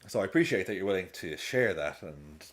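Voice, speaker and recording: A man's voice: deep voice, lively intonation, fairly quick, fairly bright tone. A man with a casual, rambling manner, chatting and laughing often as he hosts a live football watch-along stream.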